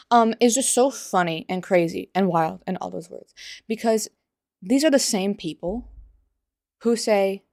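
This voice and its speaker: A woman's voice: medium pitch, a little fast, darkish tone, dry recording, clean studio sound. A young adult woman giving sarcastic, incredulous commentary in a vlog. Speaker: commentary vlogger. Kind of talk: opinionated commentary.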